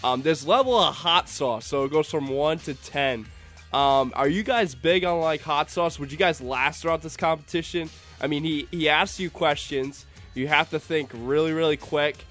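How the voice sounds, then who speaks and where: A man's voice: a little high, moderate pace, a bit bright, faint music behind. A man co-hosting a podcast, talking upbeat with lots of ums. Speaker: podcast co-host. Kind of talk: casual chat.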